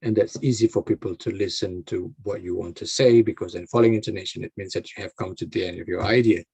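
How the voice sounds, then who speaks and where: A man with a low, gravelly voice explains things conversationally, often stopping and restarting his phrases as he searches for the right words. His tone is dark and a little husky, and the recording is dry and close. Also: steady tone, quick pace, no room sound. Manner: explanatory, advice-giving. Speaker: interviewee.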